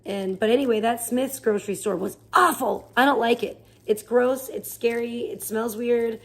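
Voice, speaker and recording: A woman's voice: fairly high pitch, steady tone, normal speed. A woman live streamer chatting casually, rambling and swearing as she rants in exasperation. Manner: rambling, profane, exasperated ranting. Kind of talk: casual chat.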